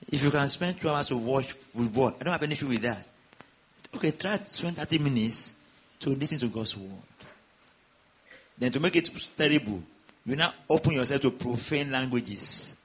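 A man's voice: mid-range voice, fairly bright tone, breathy edge, poor audio. A man preaching a sermon to a congregation, exhorting them with rhetorical questions and repeated calls.

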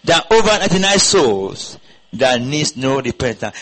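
Animated preacher man. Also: mid-range voice, moderate pace, rough recording. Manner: preaching with call-and-response and rhetorical questions. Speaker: pastor. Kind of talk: sermon. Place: church congregation.

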